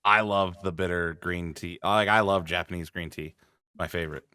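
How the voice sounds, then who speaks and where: A man's voice: low voice, steady tone, normal speed, bright, forceful tone, smooth, no room sound, studio quality. A man hosting a casual podcast, reacting briefly and laughing often. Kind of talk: casual chat.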